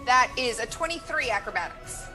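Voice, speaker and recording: A woman's voice: fairly high pitch, normal speed, music in the background. A woman playing a tabletop game, eager and chatty. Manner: eager, lively. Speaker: player. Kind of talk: casual tabletop play.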